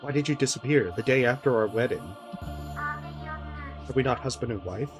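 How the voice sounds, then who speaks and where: Woman reading as a low-voiced forsaken wife. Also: brisk, over music. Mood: pleading. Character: lonely wife clinging to her vanished husband.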